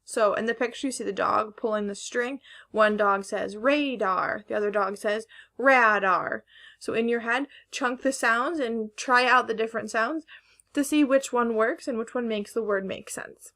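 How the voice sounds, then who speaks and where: Woman, primary teacher, recorded phonics lesson, patient and deliberate, a little gravelly. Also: on the high side, fairly even intonation, a bit bright. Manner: slow, careful, stretching sounds to model pronunciation.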